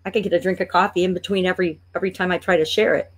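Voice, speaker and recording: A woman's voice: fairly low pitch, level tone. Chatty woman narrating a screen-share tutorial. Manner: chatty, thinking aloud while clicking; playfully exasperated at a slow computer. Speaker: online business coach.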